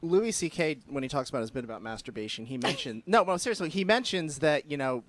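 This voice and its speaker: A man's voice: on the high side, lively intonation, fast, a bit bright. A man in casual podcast chat, joking bluntly about growing up.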